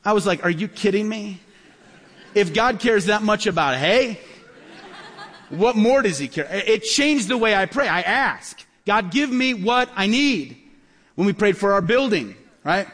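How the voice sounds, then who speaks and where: A man preaching a sermon as pastor, telling stories quickly and acting out the dialogue. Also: high voice, expressive, fairly bright tone. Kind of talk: sermon storytelling. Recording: long hall reverb.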